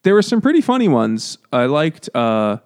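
A man in casual banter on a comedy book podcast, with a middling pitch. He laughs often and drops into playful character voices when quoting scenes. The talk stays loose and jokey throughout. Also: very animated, normal speed, a little mellow. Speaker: podcast co-host.

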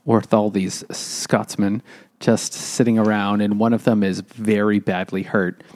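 A man's voice: fairly low pitch, level tone, unhurried, a little mellow. A man co-hosting a casual book podcast, rambling through plot recaps and acting out quotes. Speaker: podcast co-host. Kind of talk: casual book-club chat.

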